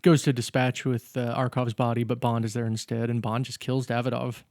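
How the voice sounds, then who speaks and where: A man's voice: mid-range voice, level tone, fairly quick, a little mellow, no room sound, studio quality. A man co-hosting a podcast, casually recapping a film's plot step by step with fillers. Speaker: podcast co-host. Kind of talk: casual chat recapping a film.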